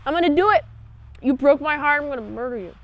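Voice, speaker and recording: A woman voicing a heartbroken older wife who was abandoned by her husband, in a shrill, melodramatic high squeal. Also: lively intonation, fast talker, dry recording. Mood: threatening.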